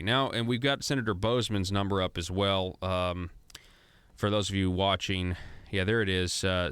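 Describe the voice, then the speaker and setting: A man's voice: low-pitched, normal speed, fairly bright tone, smooth, dry recording. A man from Arkansas hosting a political talk radio show, chatty and growing heated and emphatic, in a studio. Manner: conversational, grows heated and emphatic.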